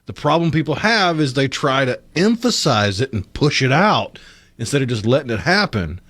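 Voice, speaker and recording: A man co-hosting a radio talk show, speaking in a deliberate way and pausing to search for words. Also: mid-range voice, big pitch swings, fairly bright tone, dry recording, studio quality. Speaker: radio co-host. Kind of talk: casual talk radio chat. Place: radio studio.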